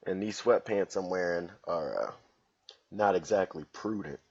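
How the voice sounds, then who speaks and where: A man's voice: low voice, measured pace, darkish tone, slightly rough, muffled recording. A man hosting his own comedy podcast at home, joking around in loose slangy street talk. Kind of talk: casual solo podcast monologue.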